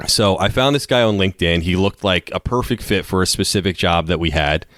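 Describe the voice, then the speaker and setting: A man's voice: sits low, fairly quick, a bit bright, dry recording, studio quality. A man co-hosting a podcast, telling rambling stories in casual chat and laughing through them. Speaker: podcast co-host.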